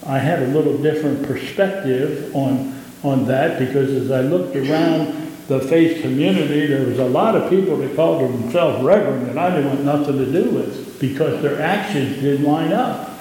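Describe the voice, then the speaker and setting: A man with a Southern US accent, a pastor giving an impassioned sermon that rises in pitch on key points. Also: normal speed, warm tone. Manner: impassioned preaching, rising in pitch on emphasis. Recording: echoey hall with long reverb.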